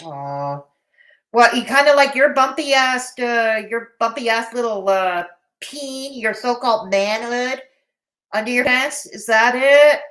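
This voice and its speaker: A woman's voice: fairly high pitch, lively intonation, measured pace, fairly bright tone. A woman hosting a live commentary stream, blunt and mocking in tone, with a Canadian accent. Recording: roomy echo.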